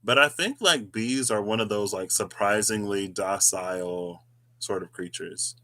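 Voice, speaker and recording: Rambling, musing man with a lowish voice. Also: a little slow, bright, forceful tone. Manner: rambling, musing, chatty asides. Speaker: tarot reader, channel host. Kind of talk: casual reflective monologue.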